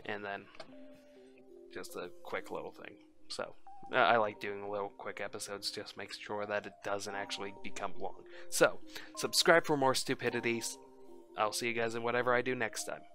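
A man's voice: on the low side, fairly even intonation, normal speed, sharp tone, soft background music. A man casually playing through a story game, reading the dialogue aloud in a loose, joking way with crude asides. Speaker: gaming YouTuber.

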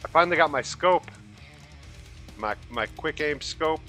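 A man hosting a relaxed gaming session, chatting casually with his co-player. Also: fairly high pitch, unhurried. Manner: relaxed, talkative. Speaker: host. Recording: light background metal music.

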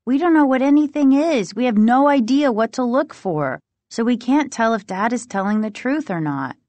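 A woman's voice: on the high side, animated, normal speed, darkish tone, dry recording, voice pushed up, close to an everyday voice. A woman voicing an anxious, protective older sister in a storybook reading, giving urgent, worried warnings.

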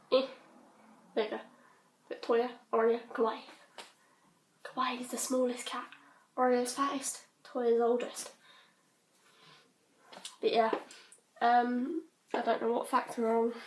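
A British teenage girl rambling casually in her bedroom, scattered and quick to giggle. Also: fairly high pitch, flat delivery, slight background noise. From Britain. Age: teens. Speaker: vlogger. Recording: roomy bedroom echo.

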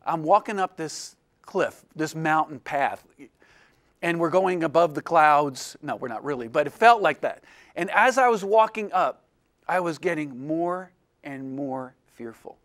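Telling his class a story from his own experience, the illustration professor is lively and self-deprecating, impersonating the people who appear in it. His pitch is fairly high, and he talks a little slowly.

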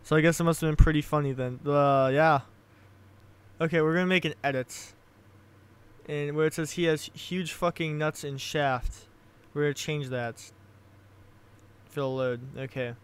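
A young man gives casual comedic commentary and reads his own writing aloud. He giggles at himself often, his voice smooth, clear, and a little high. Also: steady tone, moderate pace, long pauses. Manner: giggly, self-amused, restarts.

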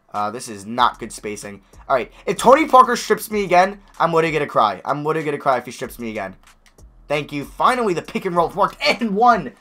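A young man giving live commentary on a basketball video game, excitable, swinging from quiet muttering to loud yells. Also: mid-range voice. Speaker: gaming YouTuber.

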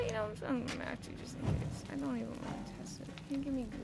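Brief: woman streamer, high voice, swears a lot, panicky shouting, loud noisy background. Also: big pitch swings, racing, gravelly, hardly any pauses. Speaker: gaming streamer. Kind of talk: casual horror game commentary.

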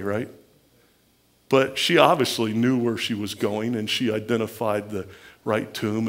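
A Midwestern American pastor delivers a sermon in a chatty, conversational way. His voice has a gravelly edge and sits at a middling pitch. He slips into the voices of the people he quotes.

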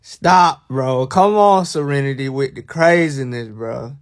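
A young man, talking casually and teasingly to viewers on a livestream. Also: medium pitch. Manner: teasing, animated, drawn-out bursts of mock alarm. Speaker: livestream host.

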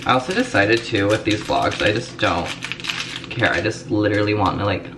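A man's voice: fairly low pitch, moderate pace. A young man chatting casually to camera in a vlog, rambling with lots of fillers. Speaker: vlogger. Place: Los Angeles, at home and in a car. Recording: home vlog with clear ambient noise.

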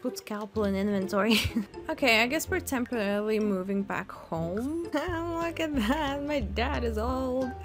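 A woman's voice: on the high side, unhurried. A young woman in her twenties giving casual, giggly commentary while playing a life-sim game. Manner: giggly, chatty, laughs often. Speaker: Sims gameplay streamer. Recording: music playing behind.

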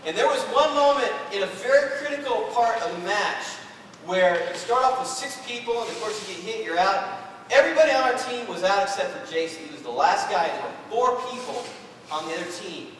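A bright, high-voiced man preaches a sermon, sometimes dropping low and soft, then shouting out acted voices. He sounds distant, in a big echoing church hall with long reverb and a faint hum of the room behind him. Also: a little fast. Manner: animated, acts out voices, swings from soft to loud. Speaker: pastor. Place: church sanctuary. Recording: echoey church hall from far off.

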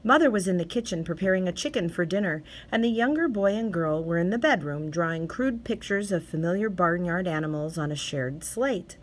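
A woman reading a short story aloud as an audiobook narrator, measured and steady. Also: on the low side. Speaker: audiobook reader. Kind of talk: scripted narration.

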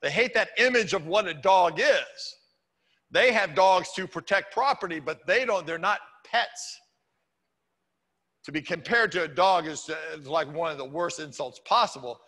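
A man's voice: sits high, moderate pace, bright, forceful tone, long reverb tail. A man preaching a sermon as pastor in a church, talking conversationally with wry humorous asides. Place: church sanctuary.

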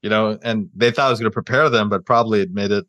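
Male host, mid-pitch, casual and halting, dry close sound. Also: fairly even intonation, fairly bright tone, no room sound. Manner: restarts and stammers while thinking aloud. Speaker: podcast host. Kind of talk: casual interview chat.

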